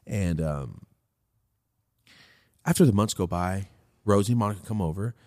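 A man hosting a podcast, telling a story in a loose, profane, rambling way while high. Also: animated, moderate pace, darkish tone, dry recording, studio quality. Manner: profane, rambling, laid-back. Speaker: podcast host. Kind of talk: casual storytelling.

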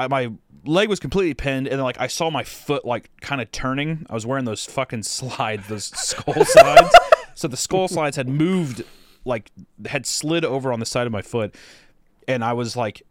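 A man's voice: mid-range voice, no echo. A young man co-hosting a podcast, telling a long story in a casual, rambling way with lots of fillers and swearing. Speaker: podcast co-host.

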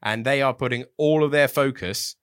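A man's voice: medium pitch, moderate pace, clean tone, no echo, studio quality. A man co-hosting a sports podcast, enthusiastic, also reading an ad. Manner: lively, enthusiastic. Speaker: podcast co-host.

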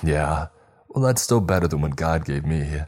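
A man voicing a bitter, vengeful male killer who taunts and shouts. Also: extremely low pitch, animated, moderate pace, soft background music.

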